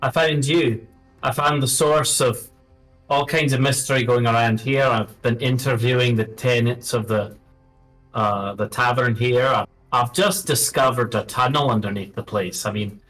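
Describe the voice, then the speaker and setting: A man's voice: medium pitch, moderate pace, a bit bright, recorded from a distance, faint music behind, rough recording. A man playing a tabletop role-playing game, speaking in character as a confident, persuasive tracker. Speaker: player.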